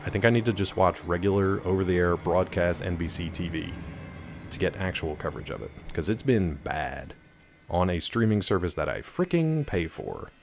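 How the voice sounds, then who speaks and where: A man's voice: deep voice, noisy background. A man streaming a game, chatting casually and wryly with viewers. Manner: chatty, wry, rambling. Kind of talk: casual live-stream chat.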